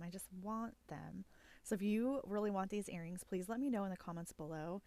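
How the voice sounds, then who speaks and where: A woman reselling vintage goods, chatting in a casual vlog, excitable and quick to get emotional. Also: lowish voice. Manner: excitable and gushing, easily emotional. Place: small vintage shop indoors.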